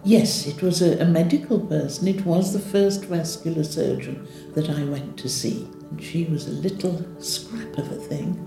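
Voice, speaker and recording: A woman's voice: deep voice, normal speed, vocal fry. An older woman speaking frankly and wryly in an interview, acting out the voices she quotes. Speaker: patient sharing her story. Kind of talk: interview testimony. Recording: echoey room with soft music.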